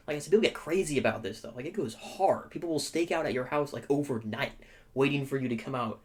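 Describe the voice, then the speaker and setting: Speaking at a quick clip in a mid-range voice, this young man co-hosts a podcast. He narrates a story casually and energetically, frequently checking that his listener is following.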